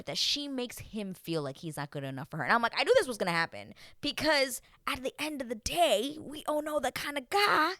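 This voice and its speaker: A woman hosting a casual reality TV recap, animated, acting out what the people she describes said. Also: mid-range voice, dry recording, studio quality. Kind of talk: casual chat.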